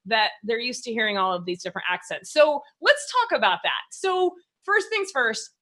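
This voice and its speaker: A woman hosting a relaxed interview, with a bright, clear, rather high voice. Her pitch swings widely as she tells stories with energy and acts out her own thoughts, laughing often. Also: moderate pace. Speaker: podcast host. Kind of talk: casual interview chat.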